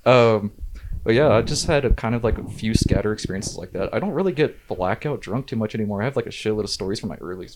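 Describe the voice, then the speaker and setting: Low-voiced man telling a rowdy story. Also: lively intonation, fast talker, a little hiss or hum. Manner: laughing, profane, acts out quotes loudly. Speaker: podcast guest. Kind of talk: casual storytelling. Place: living room in a house.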